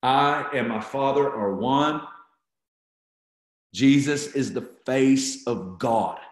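A man's voice: mid-range voice, takes it slowly, echoey room. A man leading an online Bible study, teaching with fervor and repeating key phrases for emphasis as he talks to viewers.

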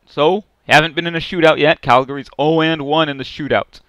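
Man doing excited gameplay commentary, bright voice, dry close mic, bursts into shouts. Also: a little high, brisk, no echo. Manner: swings from muttering to loud yelling at plays. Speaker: gaming YouTuber.

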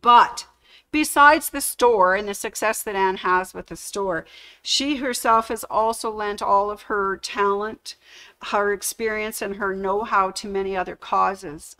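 A woman's voice: medium pitch, steady tone, unhurried, sharp tone. A middle-aged woman, a store employee, telling the story of how she got her job during a livestreamed anniversary tribute. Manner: storytelling, acts out quoted dialogue. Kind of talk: emotional anniversary speech. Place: sewing store media room.

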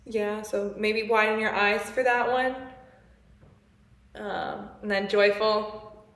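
A woman's voice: mid-range voice, level tone, takes it slowly, fairly bright tone, roomy sound. A woman teaching a singing lesson, playful and laughing often as she explains and demonstrates. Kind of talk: music lesson.

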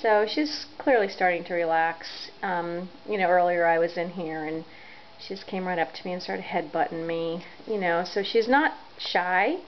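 A woman casually narrating a home video of her pet cat, gentle and chatty, recorded in a room at home on dull, lo-fi audio. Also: fairly low pitch, normal speed, a little hiss or hum. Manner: gentle, chatty, soft laughs.

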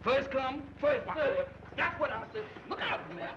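A jumpy young roommate in a 1940s comedy, his high voice leaping up and down and turning shrill when frightened. The sound is a dull, hissy old film soundtrack. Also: animated, measured pace. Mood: bickering. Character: excitable young male roommate, easily scared. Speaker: comic film character.

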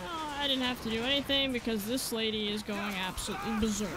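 High, lively woman gamer with game music. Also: brisk, few pauses. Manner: chatty, jokey, talks to game characters. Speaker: gamer playing on video. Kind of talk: casual let's-play commentary.

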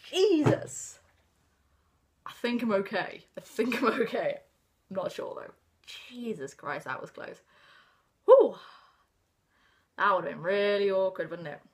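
A woman's voice: mid-range voice, moderate pace. Fields: rambling young English woman vlogger. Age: 20s. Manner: rambling, self-interrupting, excitable; swings into hushed whispers. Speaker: book vlogger. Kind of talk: casual book haul chat.

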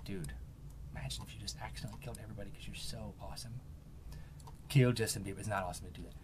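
A man's voice: lowish voice, fairly even intonation, rapid-fire, heavy background noise. A young man giving jokey, hyper commentary while playing a game. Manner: hyper, jokey, shifts into silly voices and yelps. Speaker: gaming commentator.

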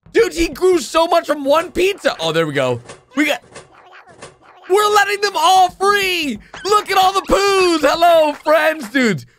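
A man hosting a reaction video, commenting excitedly on a cartoon and swinging between hushed asides and shouts. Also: very high voice, slight background noise.

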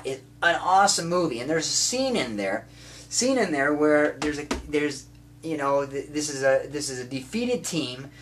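Guy vlogging about a movie he loves, rambles and restarts a lot, kinda high voice. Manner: rambling and enthusiastic, many restarts. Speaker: vlogger and amateur filmmaker. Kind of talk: casual spoken movie recommendation.

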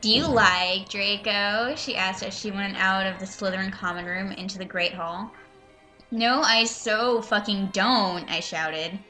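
A woman's voice: mid-range voice, steady tone, normal speed, hardly any pauses, sharp tone, soft background music. A woman reading a fanfiction aloud and breaking off into sarcastic, profane commentary. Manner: sarcastic, profane, exasperated asides. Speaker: reader and commentator.

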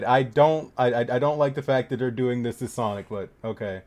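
A man making jokey, profane reaction commentary on a horror game, trading mumbled asides for sudden shouted outbursts. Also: mid-range voice, fairly quick.

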